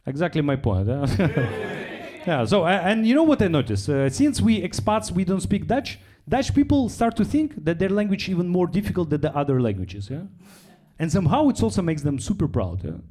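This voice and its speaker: Young Russian-accented comic, high, animated delivery, drops into a flat low voice for quoted lines. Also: male voice, normal speed, few pauses. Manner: chatty, tags lines with "yeah?". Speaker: stand-up comedian. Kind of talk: stand-up set. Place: comedy club stage.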